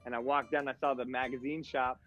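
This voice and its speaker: A man, a guest on a podcast, telling stories in a casual, animated way and acting out the voices of other people. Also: medium pitch, brisk, dull audio, soft background music. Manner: animated storyteller, acts out voices in quotes. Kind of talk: casual storytelling chat.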